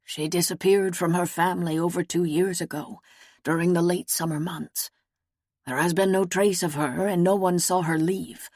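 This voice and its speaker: A man's voice: sits high, steady tone, normal speed, a little mellow, no room sound, clean studio sound. A woman narrator voicing an earnest male knight who is searching for his lost wife, speaking in a grave, formal, pleading way. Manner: grave, pleading, formal old-fashioned speech.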